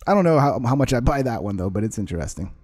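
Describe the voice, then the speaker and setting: A man's voice: medium pitch, big pitch swings, rapid-fire, a little mellow, a little hiss or hum. A man hosting his own vlog, ranting with sarcasm and constant swearing as he reacts to clips. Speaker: vlog host. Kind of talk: profane ranting commentary.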